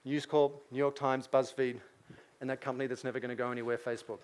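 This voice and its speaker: A middle-aged Australian man giving a business keynote lecture, lively, asking the audience questions. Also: mid-range voice, fast talker, clean tone. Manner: lively, asks the audience questions, acts out quotes. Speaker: keynote speaker.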